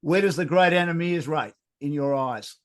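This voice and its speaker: A woman's voice: low-pitched, moderate pace. A woman hosting an interview. She chimes in with short agreements and asks polished, well-formed questions. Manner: short affirming interjections, polished wrap-ups. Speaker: interview host. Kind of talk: podcast interview.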